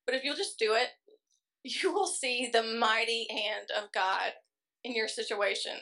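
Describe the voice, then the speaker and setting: Her voice a little high, creaky and sharp, a woman tells an emotional, earnest testimony at a church service, relating her story at a quick pace to the congregation.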